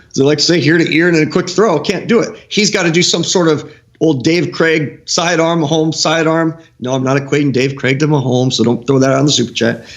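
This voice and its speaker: A middle-aged man with a slightly raised pitch, breaking down football film as a guest coach on a streamed show. He gets animated as he talks. He stumbles into frequent restarts as the ideas pile up. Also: a little fast, hardly any pauses. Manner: animated, excitable, restarts often.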